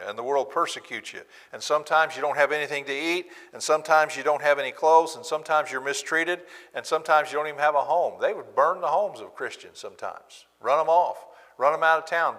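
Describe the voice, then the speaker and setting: A man preaching a Bible class sermon in a church, talking in an animated way and acting out quotes with sarcasm. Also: mid-range voice, in a large hall.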